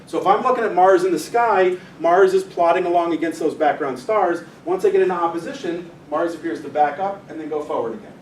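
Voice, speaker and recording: A man's voice: high-pitched, fairly quick, few pauses. A man giving an informal astronomy lecture to a club, chatty, directing helpers through a demonstration and joking with the audience. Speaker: physics teacher giving a club talk. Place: meeting room with an audience. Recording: echoey room, mic far off, faint noise.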